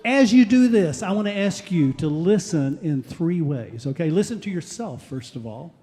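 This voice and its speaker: A man's voice: on the high side, normal speed, big-room sound. A man teaching a rhythmic vocal chant to a live audience at a café concert, energetically coaxing everyone to join in. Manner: energetic, coaxes the crowd to join in. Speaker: guest music teacher at a kids' concert.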